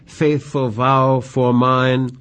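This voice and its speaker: A man's voice: mid-range voice, flat delivery, very slow, a bit bright. A man reading Romeo, a baffled young man in love, with pleading, anguished verse.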